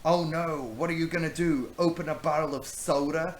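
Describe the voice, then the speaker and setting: A man's voice: medium pitch, moderate pace, a bit bright, lightly acted. A man performing a smug pirate villain who sneers through every line in a raised, theatrical voice. The room rings with echo and a faint hiss sits underneath. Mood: mocking. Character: villainous male pirate captain, mocking and smug.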